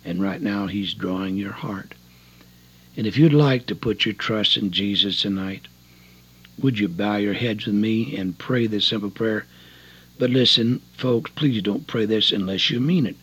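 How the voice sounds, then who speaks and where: Husky older man preaching a folksy testimony. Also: lowish voice, measured pace, a bit bright. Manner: folksy, earnest storytelling with rising emotional emphasis. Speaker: prison evangelist. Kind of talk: testimony sermon. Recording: dull lo-fi tape recording.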